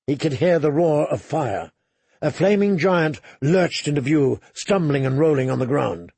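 A man reading a dramatic audiobook in a measured way, slipping into hushed low tones for tense moments. His voice is gravelly and a little husky, set slightly high for a man, and recorded dry and close. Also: animated, no echo. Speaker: audiobook narrator.

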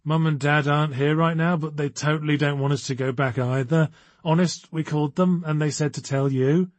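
A man's voice: fairly high pitch, fairly even intonation, moderate pace, no room sound, natural voice. A man voicing a nervous, awkward teenage schoolgirl who rambles in a quivering way. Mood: anxious.

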